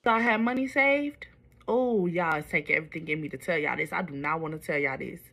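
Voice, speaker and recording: A woman's voice: low-pitched, fast, creaky, fairly bright tone. A woman telling a personal storytime to her viewers, candid and confiding, with wandering asides.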